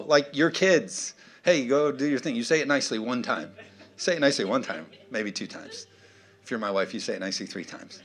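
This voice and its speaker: A man preaching in a church, animated, swinging from loud, punchy calls to quiet, joking asides. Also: medium pitch, fairly quick. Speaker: pastor. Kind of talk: sermon.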